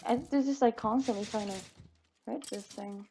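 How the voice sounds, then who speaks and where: A woman's voice: mid-range voice, moderate pace, creaky, long pauses, dark tone, slight background noise. A young woman chattering to herself while playing a video game, giggling and exclaiming as things happen. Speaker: gaming video creator. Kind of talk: casual gameplay commentary.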